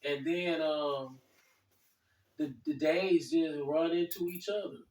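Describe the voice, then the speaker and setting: A man chatting casually, animated and profane, acting out other people's lines as he tells stories. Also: on the high side, takes it slowly. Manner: animated, quotes others in put-on voices, swears freely. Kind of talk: casual storytelling chat. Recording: echoey room from a distance.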